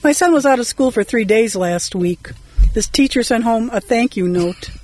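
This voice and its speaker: Woman briskly reading jokes. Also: fairly high pitch, lively intonation, darkish tone, slight background noise, poor audio. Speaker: co-host.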